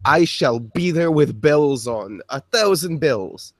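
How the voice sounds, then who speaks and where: A man's voice: fairly high pitch, animated, slow. A man chatting casually on a livestream, teasing with playful exaggeration. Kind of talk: casual chat.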